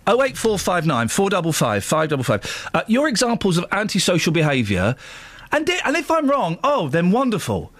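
A man's voice: sits high, wildly swooping pitch, a little fast, fairly bright tone, no echo. A man with a British accent hosting a radio phone-in, arguing with a guest and mocking the other side. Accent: British English. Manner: combative, mocking, puts on silly voices for quotes. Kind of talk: argumentative radio chat. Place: radio studio.

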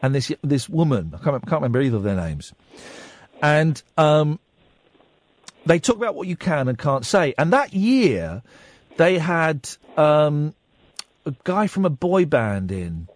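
A man's voice: fairly high pitch, big pitch swings, measured pace, no echo. A man in his forties hosting late-night talk radio, rambling wryly and mocking himself. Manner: wry, rambling, self-mocking. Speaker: radio talk show host. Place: radio studio.

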